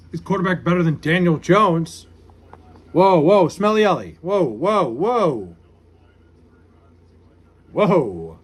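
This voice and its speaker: A man running a casual live stream, reading viewers' comments aloud and answering with profane, self-mocking banter. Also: sits high. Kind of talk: casual livestream chat.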